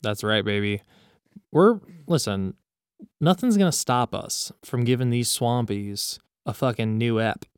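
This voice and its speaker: Male podcast co-host, mid-pitch, crude jokey banter, dry close sound. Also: expressive, a little slow, clean tone, no room sound. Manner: crude, joking, profane banter. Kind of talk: casual chat.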